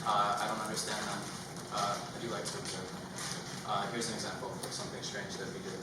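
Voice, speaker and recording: A nervous male comedian works through his stand-up set in a halting way, stumbling over ums and uhs. He sounds far from the mic in a very echoey room. Loud noise sits under his voice. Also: fairly low pitch, level tone. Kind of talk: stand-up routine. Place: comedy stage before a live audience.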